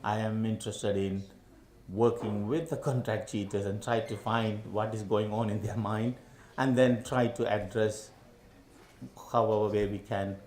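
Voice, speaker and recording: A man with a lowish voice introduces himself on a conference panel, speaking haltingly as he searches for words. His voice carries the roomy echo of a large conference room. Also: fairly even intonation, darkish tone.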